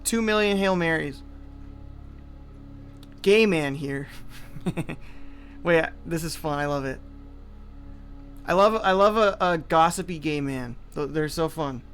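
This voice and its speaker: A man's voice: a little high, slow, pauses often, fairly bright tone, soft background music. A man streaming live, reading chat aloud and riffing on it in a loose, rambling way full of "like" and trailing asides.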